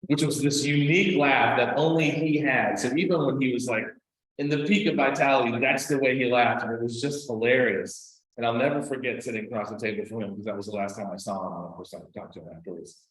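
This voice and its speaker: A man teaching a class, telling stories in a loose, chatty way with lots of fillers and quick "right?" asides. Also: mid-range voice, fairly even intonation, fairly bright tone. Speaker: meditation and scripture teacher. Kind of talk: casual class talk with storytelling. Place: teaching room. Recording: very echoey room.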